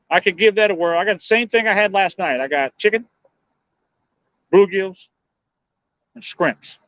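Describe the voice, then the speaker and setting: A man with a slightly high voice talks through a night of fishing, relaxed and rambling as he answers viewers. The sound is dull and lo-fi, with a dry, close feel. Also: no room sound. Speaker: fishing livestream host. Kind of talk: casual live-stream chat.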